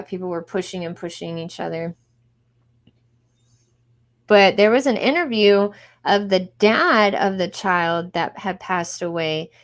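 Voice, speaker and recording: A young woman live streaming, chatting casually to her viewers as she reacts to videos. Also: medium pitch.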